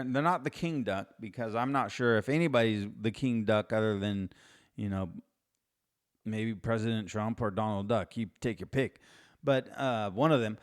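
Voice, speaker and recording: A middle-aged man hosting his own podcast, telling a casual, rambling story with restarts and wry asides. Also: medium pitch. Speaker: podcast host.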